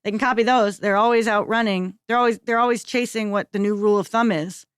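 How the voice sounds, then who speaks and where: A woman's voice: mid-range voice, steady tone, fast talker, clear, resonant tone, no echo, studio quality. A woman co-hosting a comedy podcast in casual chat. She rambles through her thoughts and interrupts herself, tagging lines with "okay?". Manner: rambling, self-interrupting, keeps asking "okay?". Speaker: podcast co-host.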